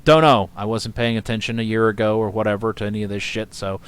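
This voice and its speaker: A man hosting casual reaction commentary, rambling, swearing and scoffing between long pauses. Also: on the low side, level tone, clean tone. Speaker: commentary host.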